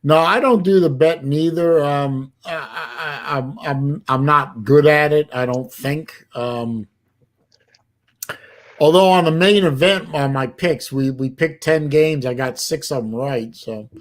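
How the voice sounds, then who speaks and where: A man hosting a casual livestream chat, talking in halting bursts with many restarts. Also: a little high. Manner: halting, many restarts while fiddling with an app. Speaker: livestream host.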